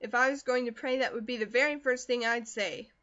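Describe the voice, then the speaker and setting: A woman's voice: on the high side, steady tone, fairly quick, fairly bright tone, natural voice. Audiobook role: a woman reading as a protective older country uncle, firm and emphatic, in a dull lo-fi recording.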